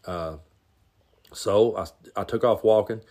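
A man hosting his own podcast, telling a story from his youth in a relaxed, rambling way with plenty of fillers, recorded at home. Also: lowish voice, slow. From Tennessee. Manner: rambling, laid-back, lots of fillers. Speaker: podcast host. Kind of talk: casual storytelling monologue. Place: home, near the garage.

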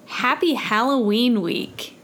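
A woman with a somewhat high voice chats casually as a podcast co-host. She laughs often, sometimes mid-sentence. A faint ambient hum sits under her voice. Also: slow, a bit bright. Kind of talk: casual chat.

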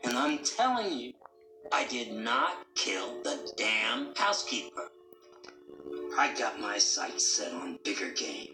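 A man's voice: fairly low pitch, huge pitch swings, slow pace, vocal fry, far from the mic, exaggerated voice. An actor playing a small, sneering, foul-mouthed possessed male doll who kills, in a TV drama. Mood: menacing. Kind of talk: TV drama acting. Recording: echoey TV soundtrack with loud music.

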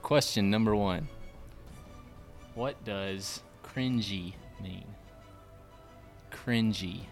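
A man's voice: fairly low pitch, drawn-out words, faint music behind. Laughing man hosting a quiz. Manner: upbeat, laughs often, plays quizmaster. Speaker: podcast host running a quiz game. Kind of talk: casual podcast banter.

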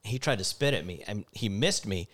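A young man tells a story in casual chat. He acts out the quotes loudly and turns animated as he laughs. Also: lowish voice, a little fast. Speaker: former store clerk telling a story.

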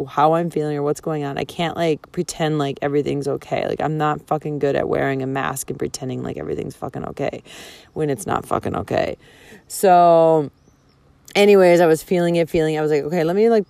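A woman's voice: sits low, vocal fry, darkish tone, dry recording. A young woman vlogger telling a personal story candidly, emotional and swearing freely, with lots of fillers. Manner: frank, emotional, swears a lot, filler-heavy.

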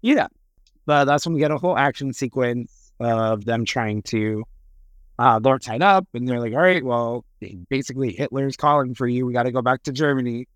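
A man's voice: medium pitch, moderate pace. A man co-hosts a casual movie podcast with eager energy and plenty of fillers. His voice sits in a mid range. The recording is dry and close, with no echo. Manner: enthusiastic, lots of fillers, acts out quotes. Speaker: podcast co-host. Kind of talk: casual chat about a movie.

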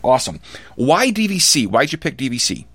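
A man's voice: medium pitch, big pitch swings, brisk, a bit bright, husky, dry recording. Enthusiastic male podcast host, dry sound. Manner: enthusiastic, agreeable interviewer. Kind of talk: casual interview chat.

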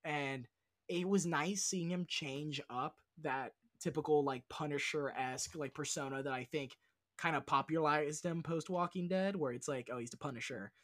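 Excitable, profane man on a podcast. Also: on the high side, normal speed, no echo, studio quality. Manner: rambling, profane, enthusiastic, prone to tangents. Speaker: podcast guest. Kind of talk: casual podcast chat about film.

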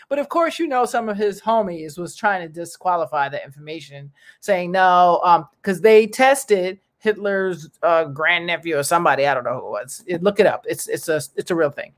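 A person delivering a casual opinion monologue to viewers, animated and exclamatory, with slangy asides and lots of fillers. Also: normal speed. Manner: animated, slangy and exclamatory, with big pitch jumps.

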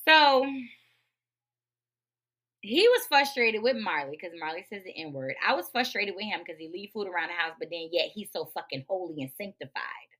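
A woman hosting a podcast, talking in a profane, emphatic, animated rant. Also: lowish voice, moderate pace. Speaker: podcast host. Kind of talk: casual ranting monologue.

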